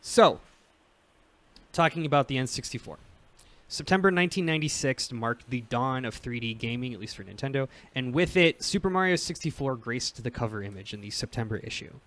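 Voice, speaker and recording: Hosting a podcast, a man in his thirties rambles casually, laughing frequently and using many fillers. His mid-range voice is a bit bright, and he speaks fairly quickly.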